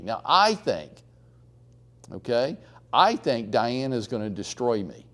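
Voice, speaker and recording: A man giving a blunt, animated real estate training talk to a live room, acting out quotes as he tells stories. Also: medium pitch, slow pace, pauses often.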